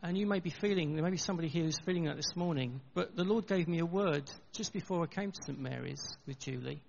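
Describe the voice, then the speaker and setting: Man, middle-aged, pastor giving a sermon; gravelly, earnest, chatty with restarts, reverberant church, dull lo-fi sound. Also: fairly high pitch, darkish tone, slight background noise. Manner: earnest, conversational with halting restarts. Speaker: preacher.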